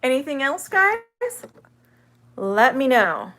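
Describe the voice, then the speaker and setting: A woman teaches English on a live stream, with a bright, clear tone. She talks unhurriedly, answers viewers' comments as they come in, and draws out each vowel sound with care. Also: high-pitched, sing-song, slight background noise. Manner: chatty, reads viewer comments aloud and answers them; sounds out vowels slowly and carefully. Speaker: online ESL teacher.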